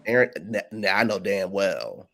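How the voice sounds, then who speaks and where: A man's voice: low-pitched, sing-song, normal speed, gravelly, fairly bright tone. A man co-hosting a casual chat, sassy and joking, cursing often. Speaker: co-host.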